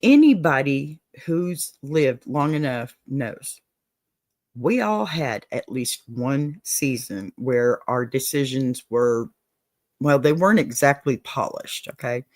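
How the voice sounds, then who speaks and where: A host with a Southern accent talks through an advice show in a casual, encouraging way, checking in with "okay?" and calling listeners "y'all." The voice sits at a middle pitch. It is recorded close and dry, with no room echo. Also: animated, slow pace. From Texas.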